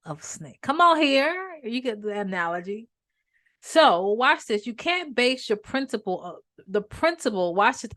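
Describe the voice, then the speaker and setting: A woman therapist giving a brisk, conversational teaching talk, often restarting her sentences. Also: mid-range voice. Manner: brisk and conversational, with many restarts and lively storytelling. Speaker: therapist and speaker.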